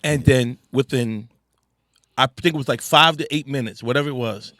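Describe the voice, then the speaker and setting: A man's voice: mid-range voice, moderate pace, no room sound, clean studio sound. A comedian in his fifties telling a story in casual talk, acting out what people said. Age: 50s. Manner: animated storyteller acting out quotes. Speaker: stand-up comedian.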